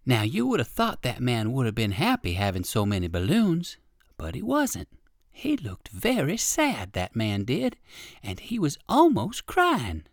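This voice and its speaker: A storyteller reading a children's story aloud, with a lively, playful manner and asides to the listener. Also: mid-range voice, unhurried, dry recording, studio quality.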